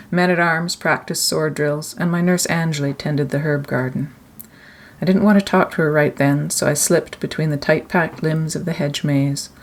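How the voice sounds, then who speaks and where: A woman author reading her novel aloud in first person, with measured, clear storytelling. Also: sits low.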